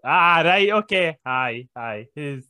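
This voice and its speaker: A man co-hosting a podcast, recapping matches in a casual, unhurried way with lots of fillers. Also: on the high side, expressive, sharp tone, smooth. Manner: unhurried, hesitant with many fillers. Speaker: podcast co-host. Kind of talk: casual chat recapping wrestling.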